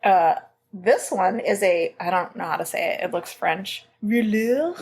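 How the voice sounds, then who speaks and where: A woman's voice: mid-range voice, unhurried, a little mellow, breathy edge. A woman co-hosting a podcast in casual chat, giggly and chatty, reading out listener stories. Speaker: podcast co-host.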